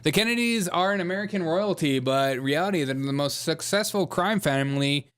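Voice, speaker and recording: Sarcastic, lively-pitched male commentary host. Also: brisk, clean tone. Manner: sarcastic, laughing, jumps between voices. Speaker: show host. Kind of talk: mocking political commentary over clips.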